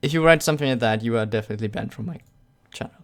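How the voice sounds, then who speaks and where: A man's voice: mid-range voice, rapid-fire, a bit bright. A young man with a German accent who is native to German. He hosts a casual live stream and reads out chat questions, answering with sarcastic jokes and frequent laughter. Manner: sarcastic, joking, laughs often. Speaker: YouTube channel host.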